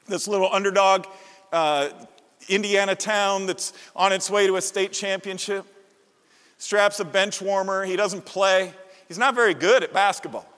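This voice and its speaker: A man's voice: sits high, fairly bright tone. A man preaching a sermon as pastor, impassioned and emotional, speaking to a congregation in a church. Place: church sanctuary. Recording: reverberant hall.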